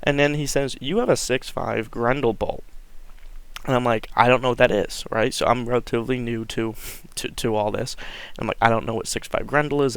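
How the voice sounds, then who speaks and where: Gravelly rambling man telling a story. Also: mid-range voice, fairly bright tone, no room sound. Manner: rambling, full of fillers and restarts, acts out quotes. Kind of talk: casual storytelling.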